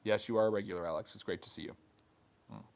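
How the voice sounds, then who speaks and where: A man hosting a live history stream, reading chat questions aloud and answering with quick, dry jokes. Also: lowish voice, gravelly.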